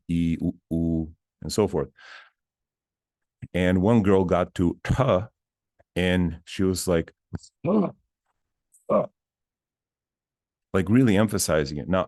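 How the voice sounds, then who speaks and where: A man with a low voice gives a casual lesson outdoors. He talks in a chatty, self-mocking way and chants short syllables between explanations. The sound is dry and close. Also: darkish tone, no echo. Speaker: spiritual teacher. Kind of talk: casual teaching talk. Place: outdoors near a bridge.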